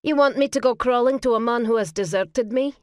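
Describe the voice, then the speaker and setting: A woman voicing a proud young Highland mother with a lilt in an audiobook, speaking in a wry, bitter, sharp way. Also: fairly quick, dry recording, studio quality, natural voice. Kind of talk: audiobook character voice.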